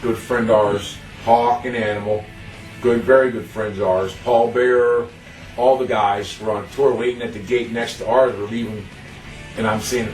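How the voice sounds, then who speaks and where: A man's voice: lowish voice, steady tone, moderate pace, distant mic, music in the background. Interviewee, man, loose, blunt storyteller; roomy sound with the mic set back. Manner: rambling, blunt, quotes himself. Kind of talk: casual storytelling. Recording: echoey room, away from the mic.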